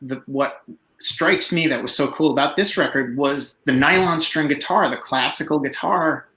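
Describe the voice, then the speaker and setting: A man's voice: a little high, moderate pace, pushed and bright, a little hiss or hum. A man co-hosting, chatting casually about a record with enthusiastic agreement. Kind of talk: casual chat. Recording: echoey room.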